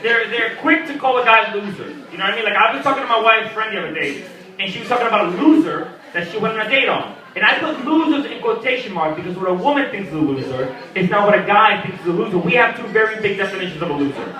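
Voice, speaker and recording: A young man doing a stand-up comedy set, animated and acting out characters with sudden loud squawks. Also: high-pitched, quick pace. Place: small comedy venue at a birthday party. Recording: echoey room, mic at a distance. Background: audience laughter.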